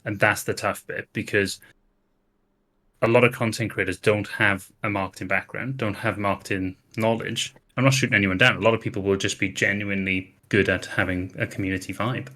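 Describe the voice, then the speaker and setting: Male panel guest with a very low, bright, forceful voice, confident and preachy. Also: steady tone, a little fast. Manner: confident, lecturing, emphatic. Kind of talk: casual panel chat.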